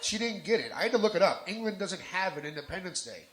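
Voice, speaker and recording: A man's voice: high voice, very animated, fast talker, pushed and bright. Brash profane stand-up man in a roomy bar. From New Jersey. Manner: brash, profane, punchy crowd work. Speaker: stand-up comedian. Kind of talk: live stand-up set. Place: bar lounge stage in front of a live crowd. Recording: roomy bar with crowd noise.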